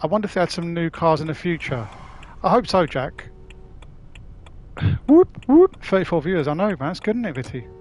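This gaming livestreamer is a London man with a Cockney accent, bantering casually with his viewers in a matey way and swearing without restraint. His voice leans high and a little mellow, very animated and fairly quick.

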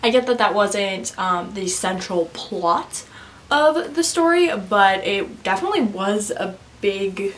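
A woman's voice: mid-range voice, animated, a little slow, poor audio. Young woman gabbing about a book n movie, giggly, lots of likes, faint hiss behind. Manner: chatty, giggly, lots of fillers. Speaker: book vlogger. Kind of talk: casual chat to camera.

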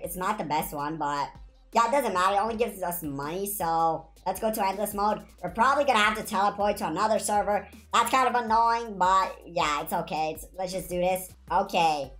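A woman giving excited commentary on her video game play, shrieking whenever she wins or loses. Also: mid-range voice. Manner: excitable, shrieks when winning or losing. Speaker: gaming YouTuber.

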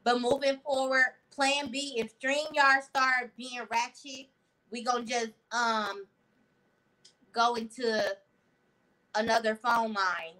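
A woman hosting a casual livestream, talking in an effusive, slangy and animated way while answering her viewers' comments. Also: a little high, slow, low-quality recording. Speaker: livestream host. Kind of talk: casual live-stream chat with viewers.

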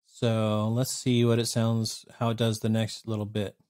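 A man's voice: lowish voice, monotone, unhurried, a little mellow. Blunt, sarcastic male reviewer. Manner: blunt, sarcastic, swears freely. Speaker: tech reviewer. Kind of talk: casual screen-recorded review.

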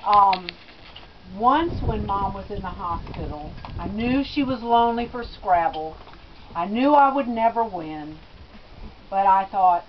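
A woman's voice: medium pitch, animated, measured pace, a little hiss or hum. Middle-aged woman telling stories at a eulogy. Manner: storytelling with gentle laughs. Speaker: daughter giving a eulogy. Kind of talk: personal eulogy speech. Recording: dull lo-fi recording.

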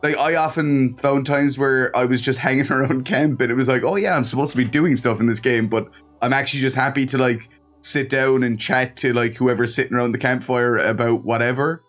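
A man's voice: mid-range voice, fairly even intonation, a little fast, fairly bright tone. A man hosting an interview show, sick with his voice off, talking eagerly and enthusiastically as a fan. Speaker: podcast host and interviewer. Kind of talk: casual interview chat.

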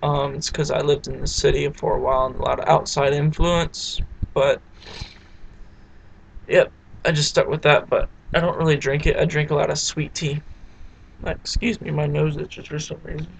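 A man's voice: fairly high pitch, moderate pace, gravelly, a little hiss or hum, poor audio. A young man with a Southeastern Virginia accent, casually reading out questions and answering them with lots of ums. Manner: relaxed, many fillers like um.

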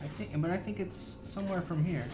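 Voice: mid-range voice, quick pace, a little mellow, faint music behind. A streamer playing a horror game live, talking casually, muttering through the action and swearing at scares. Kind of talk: live gameplay chat.

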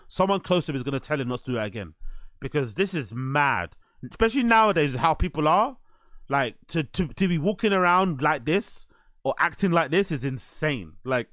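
A man's voice: on the high side, a bit bright, no echo, studio quality. A man giving casual reaction commentary in a blunt, incredulous way, swearing freely.

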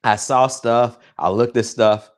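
A man hosting a casual cooking livestream, excitable and crude, joking and chatting straight to his viewers. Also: medium pitch, measured pace. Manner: excitable, crude, jokey, chats directly to viewers. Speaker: home cook hosting a cooking show.

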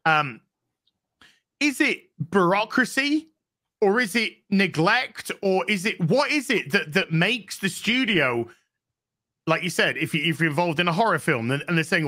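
A woman's voice: on the low side, animated, moderate pace, fairly bright tone. A woman co-hosting a casual podcast chat who asks questions and restarts her sentences often.

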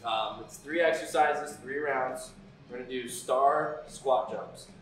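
Upbeat coach in an echoey room. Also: male voice, medium pitch, slow, fairly bright tone. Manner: upbeat, counting reps and cheering on. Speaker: fitness coach. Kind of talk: live-stream workout instruction. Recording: echoey room, far from the mic, faint music.

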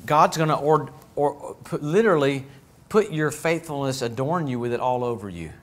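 Animated man preaching a sermon. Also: a little high, normal speed. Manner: animated, jokey, acts out voices. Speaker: pastor. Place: church.

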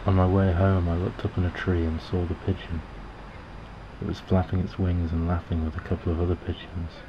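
A man tells a short story in a dry, matter-of-fact way, his voice deep and even. The recording sounds muffled and lo-fi. A steady noise bed runs underneath. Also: brisk. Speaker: narrator. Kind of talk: scripted storytelling narration. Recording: dull lo-fi recording with background noise.

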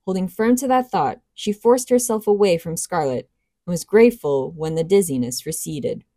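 A woman narrating a novel in a steady, even storybook reading. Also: lowish voice, normal speed, dry recording, studio quality. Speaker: audiobook reader.

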